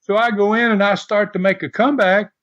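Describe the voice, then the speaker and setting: A man's voice: high voice, fairly even intonation, brisk, fairly bright tone. An older man and podcast guest telling a rambling wrestling-days anecdote, chuckling and restarting as he goes. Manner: rambling storyteller who chuckles and restarts often. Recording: lo-fi podcast audio.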